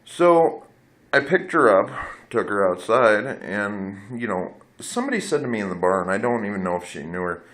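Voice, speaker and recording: Blunt low-voiced man rambling at a phone. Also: big pitch swings, normal speed, fairly bright tone. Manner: candid, blunt, swears freely, digressive. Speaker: vlogger. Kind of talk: rambling personal storytelling. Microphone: phone camera.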